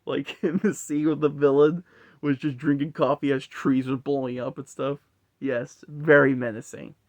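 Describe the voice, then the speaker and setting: A man's voice: a little high, little pitch movement, normal speed, dark tone, no room sound. A man giving a casual, rambling film review full of swearing and frequent laughter. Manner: rambling, profane, laughs often. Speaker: movie reviewer.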